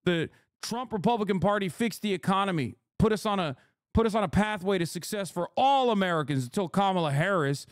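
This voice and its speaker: A man's voice: sits high, animated, a little fast, dry recording, studio quality, voice pushed up. A man putting on the voice of a pompous, indignant right-wing pundit as a sarcastic parody. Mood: mock indignant. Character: blustering pro-business male right-wing pundit, mocking.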